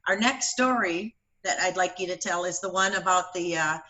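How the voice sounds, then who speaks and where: A woman's voice: lowish voice, moderate pace, pushed and bright. A woman moderating a presentation, speaking with a hesitant, filler-heavy manner. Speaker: program moderator. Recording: echoey room.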